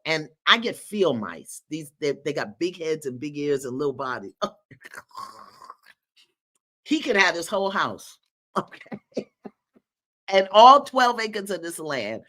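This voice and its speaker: A woman's voice: sits low, unhurried, long pauses. A woman hosting a live online community call. She reads viewer comments aloud, laughs often and cheers people on in a folksy, preacherly way. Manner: animated, laughing, folksy and preacherly, calls out encouragement. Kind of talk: lively live-stream talk, reading viewer comments aloud. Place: her home in the countryside.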